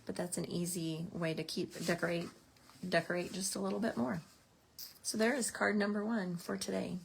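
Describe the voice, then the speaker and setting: Chatty craft teacher woman, gravelly low voice. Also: fairly even intonation, moderate pace, slight background noise. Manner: chatty, explains each step while working. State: out of breath at times. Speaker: card-making class instructor. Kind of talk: casual craft tutorial.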